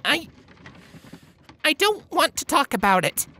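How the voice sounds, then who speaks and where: A scared, grief-struck young pony mare, as a male reader puts her on, stammers in a strained voice pushed far up into falsetto. It is a bit louder than the narration, with a thin timbre. This is storybook voice acting. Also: sing-song, slight background noise, heavily acted. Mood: fearful grief. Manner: trembling, halting. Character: frightened grieving young female pony. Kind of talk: fanfiction audiobook voice acting.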